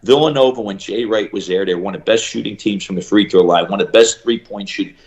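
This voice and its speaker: A middle-aged man, a shooting coach, telling stories in an animated interview and acting out the people he quotes. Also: on the low side, dull audio. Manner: acts out quoted voices, fast bursts and emphatic repeats.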